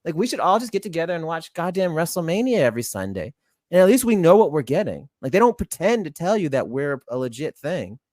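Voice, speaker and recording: A man rants on a podcast in a profane, exasperated torrent, his fairly high voice swinging up and down with feeling. The sound is dry and close-miked, with no room around it. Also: big pitch swings, fast talker, darkish tone, dry recording. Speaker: podcast co-host. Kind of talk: heated ranting podcast talk.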